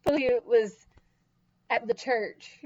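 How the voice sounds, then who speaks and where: A high-voiced woman chats casually about a book she read, bouncing between her own thoughts and playful impressions of the characters. The recording sounds muffled and lo-fi. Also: takes it slowly. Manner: animated, acts out quoted characters, frequent laughs. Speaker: book discussion co-host. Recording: dull lo-fi recording.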